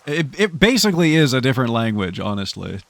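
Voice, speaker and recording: A man's voice: mid-range voice, very animated, a little fast, vocal fry, dry recording. Chatty male streamer with a dry, close sound. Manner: chatty, laughs often, stammering restarts. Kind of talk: casual gameplay commentary.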